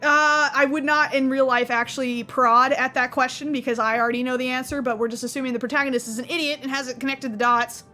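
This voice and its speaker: High-voiced chatty woman streamer. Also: fairly even intonation, fast talker, few pauses, bright, forceful tone, soft background music. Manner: chatty, joking, self-correcting. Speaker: gaming streamer. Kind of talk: casual let's-play commentary.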